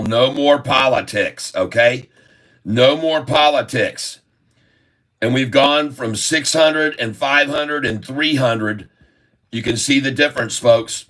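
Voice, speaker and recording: A man's voice: medium pitch, fairly bright tone. A middle-aged man streaming live stock commentary, folksy and talking straight to his viewers as folks.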